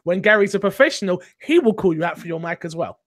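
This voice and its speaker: Animated, joking gaming podcast host man. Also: sits high, fast talker. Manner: animated, joking, self-mocking boasts. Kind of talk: casual gaming podcast chat.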